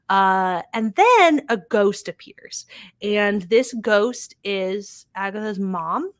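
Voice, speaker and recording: A woman's voice: mid-range voice, very slow, clear, resonant tone, no room sound, studio quality. A woman casually recapping a TV episode, chatty and swearing freely, paraphrasing what the characters say. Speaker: podcast host recapping a TV episode.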